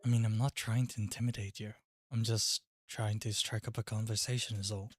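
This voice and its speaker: Man doing a posh gentleman bit, stiff, formal, hesitant, dry close mic. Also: on the low side, little pitch movement, quick pace, no echo, close to an everyday voice. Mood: polite. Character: polite posh gentleman, the streamer's mock persona.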